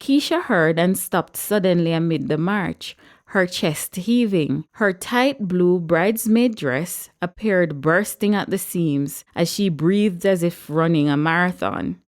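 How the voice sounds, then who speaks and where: A woman narrates a story, her voice sitting lower than most. She reads at a measured pace, expressive but steady. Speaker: audiobook narrator. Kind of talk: storybook reading.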